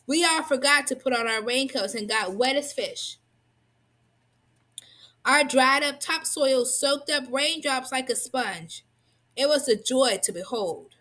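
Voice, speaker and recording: A woman reading a tall-tale children's book aloud in an expressive, lively storytelling manner. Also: high voice, a little slow. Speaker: reader.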